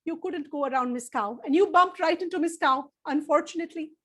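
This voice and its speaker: A woman with a high, bright voice tells a children's story live. She is animated and expressive, asking her listeners questions and pausing for effect. Her delivery is warm in tempo and playful in tone. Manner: animated, addresses listeners directly, dramatic pauses.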